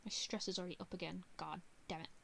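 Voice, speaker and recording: A woman streamer reading a visual novel aloud, with animated, chatty asides to her viewers. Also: on the low side, fast talker, vocal fry, slight background noise. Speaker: VTuber streamer.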